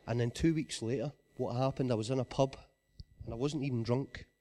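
A man's voice: mid-range voice, steady tone, brisk. Earnest Scottish man telling his story. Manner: earnest storytelling, often falls quiet. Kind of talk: personal testimony.

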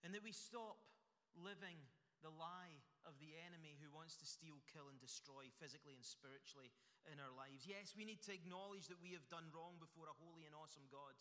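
A man's voice: fairly high pitch, fairly quick, pushed and bright. A man pastor delivering an earnest sermon in a church, building emphasis through repeated phrases. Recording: echoey church hall.

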